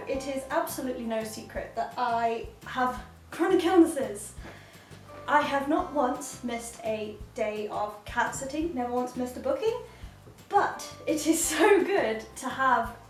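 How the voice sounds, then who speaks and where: Chatty high-voiced woman, roomy sound. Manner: chatty, giggly, playful asides to a cat. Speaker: cat sitter giving advice. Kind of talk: casual vlog advice. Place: indoors at home with a cat. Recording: roomy, slightly distant, faint music.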